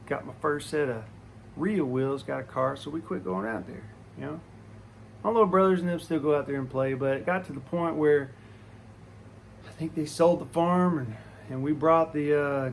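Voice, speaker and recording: Man, slightly high and gravelly voice, casual rambling storyteller. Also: moderate pace, a little hiss or hum. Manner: folksy, rambling, with restarts and asides. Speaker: vlogger telling a childhood story.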